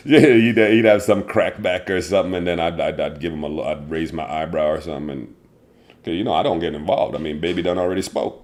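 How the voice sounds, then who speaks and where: A man with a very low, deep voice talks about family life in a loose, colloquial way. He laughs easily and teases playfully between stretches of earnest reflection. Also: normal speed, darkish tone. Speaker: family show co-host, father. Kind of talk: casual family chat.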